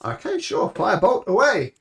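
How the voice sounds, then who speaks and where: Animated man running a tabletop game. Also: high-pitched, moderate pace. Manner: animated, rambling with self-corrections. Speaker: game master.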